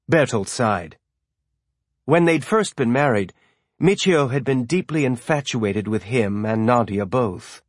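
A man reading a novel aloud as audiobook narrator, in a steady storytelling manner. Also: fairly low pitch, measured pace, no echo, studio quality. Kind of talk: scripted narration.

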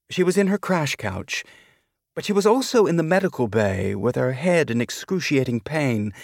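A man reading a novel aloud as an audiobook narrator, with a measured, deliberate delivery. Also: medium pitch, no room sound, studio quality. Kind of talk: scripted narration.

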